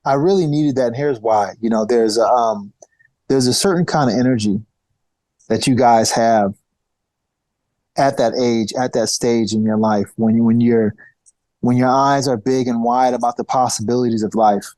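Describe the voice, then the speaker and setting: A man in his forties, a guest on a podcast, telling stories in a lively, animated way and often restarting his phrases. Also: medium pitch, moderate pace, no room sound. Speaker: podcast guest, former fighter. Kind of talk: casual interview storytelling.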